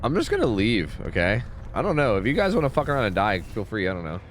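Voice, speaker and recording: A man's voice: lowish voice, wildly swooping pitch, fast, slight background noise. A man streaming a video game, giving casual commentary with exasperated, joking, rambling asides to his chat.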